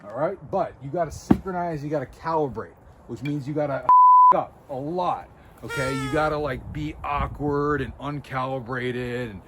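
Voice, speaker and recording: A man's voice: mid-range voice, moderate pace, heavy background noise. A man talking straight to camera, coaching viewers on body language in a blunt, emphatic, intense way. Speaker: body language video host. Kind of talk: casual direct-to-camera coaching talk.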